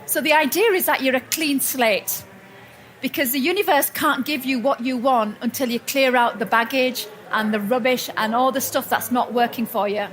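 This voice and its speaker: Speaking at a moderate pace, this motivational speaker has a high voice and a warm storytelling style, though she frequently restarts and self-corrects. She's addressing a live audience in an event hall at a personal growth expo.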